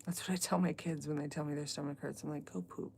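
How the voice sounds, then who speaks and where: A woman's voice: low-pitched, steady tone, fast talker, creaky, darkish tone, a little hiss or hum. A middle-aged woman hosting a live book club stream, chatting casually with viewers and answering their comments as she drifts between topics. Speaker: livestream book club host.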